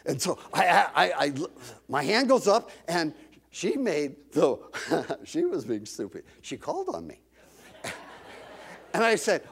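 Animated man preaching a sermon. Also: on the high side, measured pace, long pauses. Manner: animated storytelling, dramatic reading of scripture.

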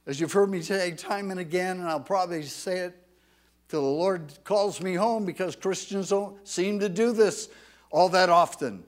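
A man preaching a sermon with emphatic delivery, rising loud when reading scripture aloud, with some halting restarts. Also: high-pitched. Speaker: pastor.

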